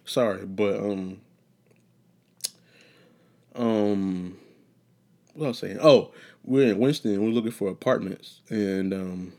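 A man's voice: lowish voice, takes it slowly, long pauses, warm tone. A young man hosting a solo podcast, rambling and joking, profane and casual, wandering off topic. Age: young adult. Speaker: podcast host.

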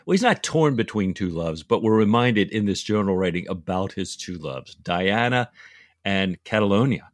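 A man's voice: lowish voice, expressive, normal speed, dry recording, studio quality. A man co-hosting a podcast, chatting enthusiastically about a novel, exclaiming and laughing. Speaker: podcast co-host. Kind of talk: casual book discussion.

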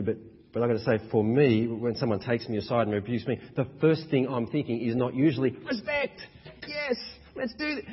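In a church hall, a man delivers a sermon as pastor, leaning on emphatic, rhythmic repetition. His voice is medium in pitch with a breathy edge. The hall recording is dull and echoey.

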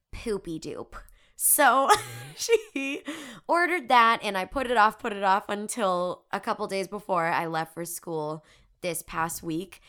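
Bright, giggly young woman. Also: lowish voice. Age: 20s. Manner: candid, giggly, self-deprecating storytelling. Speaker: podcast host. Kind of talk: casual chat.

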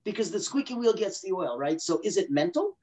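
Man on a podcast, explains stuff animated, does little voices for the inner thoughts. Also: high voice, a little fast. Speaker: guest expert. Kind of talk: casual podcast interview.

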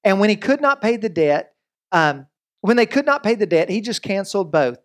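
Here a pastor's high-pitched voice carries a sermon that feels like conversation, animated throughout, with quick side remarks and voiced quotations.

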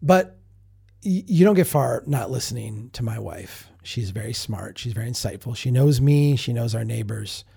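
A podcast host telling a candid, self-reflective story in a casual monologue, often restarting and repeating words. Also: male voice, medium pitch, expressive, moderate pace, gravelly, dark tone, breathy edge. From Minnesota.

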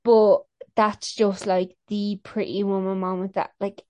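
A woman's voice: mid-range voice, little pitch movement, a little slow, a little mellow, no room sound. A woman co-hosting a podcast, chatting casually and gushing, rambling with lots of fillers. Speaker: podcast co-host. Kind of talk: casual chat.

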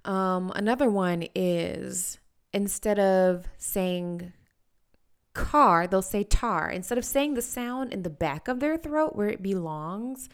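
A woman, a speech-language pathologist, talks parents through how children learn speech sounds. Her delivery is slow and unhurried, with a slightly gravelly edge. She stresses each example sound deliberately as she models it. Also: medium pitch, darkish tone. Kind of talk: parent education talk.

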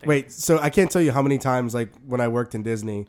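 A man's voice: medium pitch, darkish tone. A man from New Orleans, co-hosting a podcast, telling stories in casual chat with lots of fillers. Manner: fast, filler-heavy storytelling. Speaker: podcast co-host.

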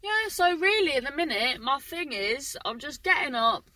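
Chatty English woman comedian, animated pitch, dry close sound, rambles and cuts herself off. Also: normal speed, dry recording, poor audio. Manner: chatty, self-interrupting, scattered. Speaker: comedian and podcast host. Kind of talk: rambling casual monologue. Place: in a car.

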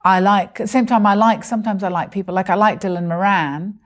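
A woman's voice: mid-range voice, fairly even intonation, fast. A woman, a stand-up comedian, chatting animatedly in an interview and acting out the voices of people in her stories. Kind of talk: conversational interview.

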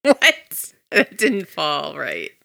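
A woman co-hosting a podcast in casual chat, teasing and quick to laugh. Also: sits low, huge pitch swings, creaky, fairly bright tone, no echo. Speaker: podcast co-host.

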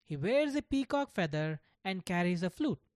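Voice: very animated, normal speed, dry recording, close to an everyday voice. A storyteller voicing an innocent, earnest young boy in a children's storybook. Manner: pleading, high and earnest.

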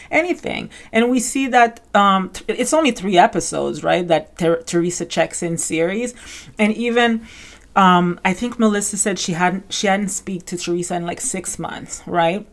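A chatty woman hosts a casual recap show in a slightly low voice. She piles on fillers as she talks and acts out other people's lines while retelling them. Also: moderate pace, gravelly. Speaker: podcast host.

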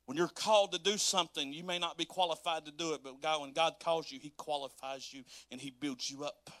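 Bright-voiced folksy preacher man. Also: a little high, steady tone, a little fast, dry recording. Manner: folksy, dialect-heavy preaching with laughter and acted-out quotes. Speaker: pastor. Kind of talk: sermon.

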